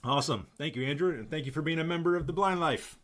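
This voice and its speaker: A man's voice: fairly high pitch, fast talker. Chatty male live-stream host. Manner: relaxed, chatty, laughs often. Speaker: channel host. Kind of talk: casual live-stream chat.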